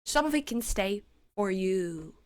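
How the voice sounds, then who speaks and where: A woman's voice: medium pitch, animated, a little slow, no echo. A woman giving sarcastic, exasperated commentary while reviewing a webcomic, with frequent swearing. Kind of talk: casual commentary reading.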